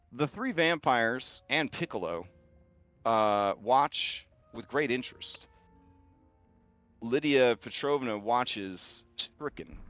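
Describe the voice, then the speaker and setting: Slow-paced man narrating a game. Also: mid-range voice, a bit bright. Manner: slow, graphic storytelling with many fillers. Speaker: game master. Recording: dull lo-fi audio.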